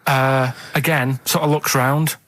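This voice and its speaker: Deadpan man telling a rambling tale. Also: mid-range voice, unhurried, no echo. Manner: matter-of-fact, deadpan storytelling. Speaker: radio show regular. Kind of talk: rambling anecdote. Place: radio studio.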